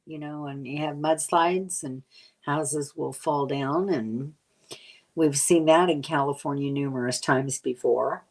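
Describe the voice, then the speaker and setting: Older woman, low-pitched, casual live-stream host; rambling, filler-heavy, a bit tired. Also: a little slow. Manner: rambling, chatty, many fillers. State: tired from lack of sleep. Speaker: vlogger answering live chat.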